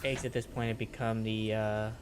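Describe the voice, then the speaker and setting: A man's voice: fairly low pitch, flat delivery, moderate pace, background noise. A man streaming a game, talking casually to himself with mild minced oaths. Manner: chatty self-talk with mild minced oaths. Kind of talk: casual gameplay commentary.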